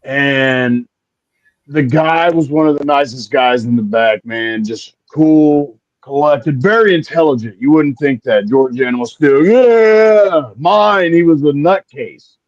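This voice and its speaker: A man tells animated stories and acts out other people's voices as he goes. His voice sits a little high for a man. The audio is dull, lo-fi, and dry. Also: a little slow, dry recording. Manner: animated anecdotes, acts out quotes. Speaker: guest, wrestler. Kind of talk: casual storytelling.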